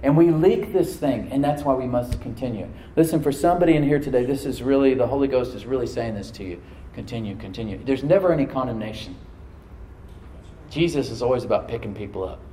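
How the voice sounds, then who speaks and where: A man's voice: medium pitch, fast talker, dark tone, slight background noise. A middle-aged male pastor preaching a sermon to his congregation, exhorting and repeating phrases for emphasis. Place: church hall with congregation. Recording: roomy church echo.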